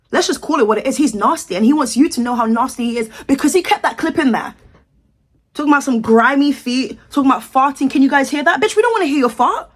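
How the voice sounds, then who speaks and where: A young British woman rants about celebrity gossip in a sassy, exaggerated vlog voice. Her tone is husky and a little breathy, sitting fairly high for a woman. She sounds outraged and theatrical, playing her reactions up for the camera. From United Kingdom. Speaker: commentary vlogger. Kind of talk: ranting celebrity commentary.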